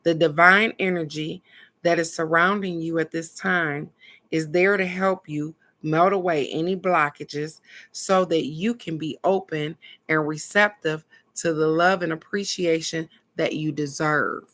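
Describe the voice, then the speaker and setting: A woman's voice: low voice, steady tone, measured pace, a bit bright. A woman hosting a casual live oracle card reading, chatting with viewers, laughing often and reading each card's text aloud.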